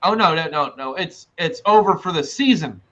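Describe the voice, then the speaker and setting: A man in casual podcast chat, telling stories excitedly with lots of swearing and laughter. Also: fairly high pitch, moderate pace. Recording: slightly dull lo-fi sound.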